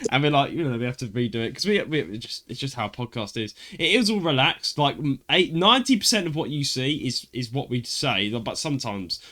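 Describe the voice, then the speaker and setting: A young man with an East London accent, hosting a relaxed podcast chat, talkative and laughing often. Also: medium pitch, fairly quick, few pauses. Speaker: podcast host. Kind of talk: casual chat.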